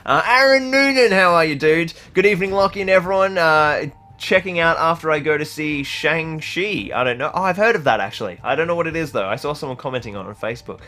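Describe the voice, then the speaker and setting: A man's voice: fairly high pitch, lively intonation, fast, bright, forceful tone. A young man from Australia hosting a casual livestream, reading out chat with lots of fillers and laughter. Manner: rambling, laughs often, many fillers.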